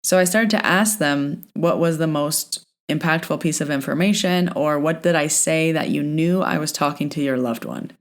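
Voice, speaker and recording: Low-voiced chatty woman podcast host. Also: normal speed, hardly any pauses. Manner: chatty, leans on "like" and retells exchanges. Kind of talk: casual podcast storytelling.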